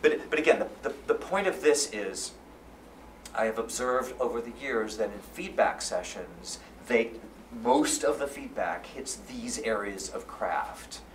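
A man giving a live lecture at a conference, energetic and repeating phrases for emphasis. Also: on the low side, measured pace. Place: conference hall. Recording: roomy, from far off, faint room noise.

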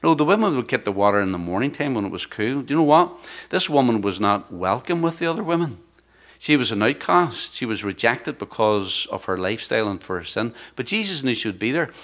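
A man, the church's pastor, preaching a sermon, rising loud when he reads scripture and dropping to quiet, hushed words. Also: medium pitch, big pitch swings, a little fast. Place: church sanctuary.

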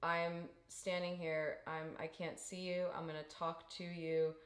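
A woman co-hosting a podcast, thinking aloud about coaching in casual chat with quick restarts. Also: fairly low pitch, flat delivery, echoey room. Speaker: podcast co-host.

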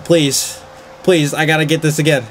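A man giving excited, frantic commentary while playing a wrestling video game, groaning one moment and yelping the next. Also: a little high, moderate pace, very noisy. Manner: frantic, swings between groans and yelps. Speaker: gaming channel host.

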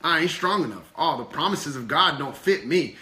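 A man's voice: fairly high pitch, lively intonation, moderate pace, bright, forceful tone. A man voicing a fearful, hot-headed male monkey puppet with whiny, anxious exclamations. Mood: self-doubting.

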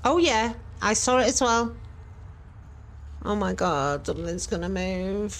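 A woman's voice: medium pitch, measured pace. A woman reacting to a ghost hunt video, jittery, exclaiming and swearing, rambling when nervous.

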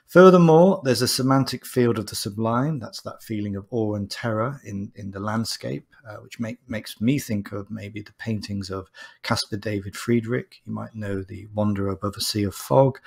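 A man's voice: on the low side, gravelly. A man giving a chatty, explanatory online lesson on a poem, as a teacher. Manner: chatty and explanatory, with restarts and fillers. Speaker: English teacher.

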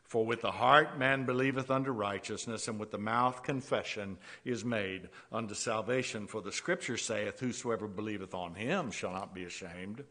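A man preaching a sermon with a halting delivery, repeating words as he goes and laughing softly between points. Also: lowish voice. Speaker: pastor. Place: church sanctuary. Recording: long church-hall reverb.

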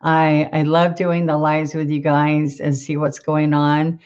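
A woman's voice: low-pitched, completely flat delivery, unhurried, a little mellow, dull audio. A middle-aged woman with a Southern accent, hosting a live painting lesson in casual chat, greeting viewers by name and laughing often.

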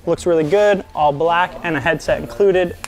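A man's voice: fairly high pitch, moderate pace. A young man hosting a casual product build vlog, upbeat and jokey, talking straight to his viewers. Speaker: host of a scooter shop channel.

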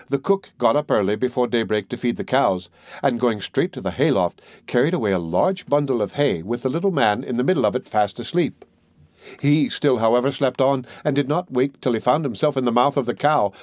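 A man's voice: medium pitch, darkish tone, no echo. Man narrating fairy tales, dry studio. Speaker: audiobook narrator. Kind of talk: storybook narration.

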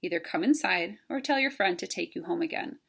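A woman voicing a stern, formal old male owl in a storybook read-aloud, speaking in a measured, formal way. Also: lowish voice, lively intonation, vocal fry, fairly bright tone, slightly rough, full character voice.

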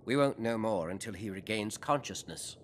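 An actor playing a terse, protective male clone sergeant in an animated series. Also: on the low side, moderate pace, slight background noise, lightly acted. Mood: reassuring.

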